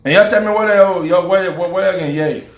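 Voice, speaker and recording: A man's voice: high voice, brisk, echoey room, slight background noise. A man with a Liberian accent, ranting and mocking in angry live political commentary.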